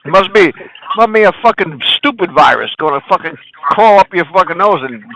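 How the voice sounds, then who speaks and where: A man's voice: sits high, animated, a little fast, bright, forceful tone, a little hiss or hum, low-quality recording. A man in casual conversation who rants angrily with heavy profanity. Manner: angry, heavily profane ranting.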